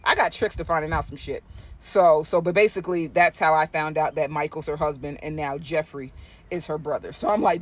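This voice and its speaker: A vlogger telling a gossipy story casually, swearing freely with animated asides. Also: mid-range voice, fast.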